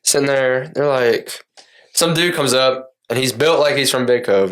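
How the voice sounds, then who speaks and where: This podcast co-host is a young man from Cherokee, North Carolina, USA, speaking at medium pitch and a normal pace. Chatting casually, he tells stories in an animated way, voicing the people he quotes and dropping swear words as he goes.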